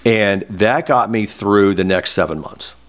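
Deep-voiced older guy w telling his story, choked up at times. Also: measured pace. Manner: emotional, candid, close to tears. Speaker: guest. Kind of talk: personal storytelling in an interview.

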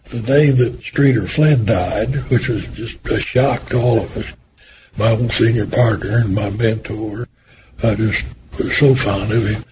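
A man's voice: fairly low pitch, steady tone, a little slow. Older man telling folksy stories, noisy tape. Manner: folksy, anecdotal, acts out quoted dialogue. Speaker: interviewee recalling a former boss. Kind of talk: oral history storytelling.

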